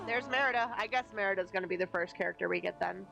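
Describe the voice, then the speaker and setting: A woman's voice: medium pitch, fast talker, vocal fry, over music, poor audio. A woman live-streaming a game from a home setup, chatting casually with playful, self-deprecating asides.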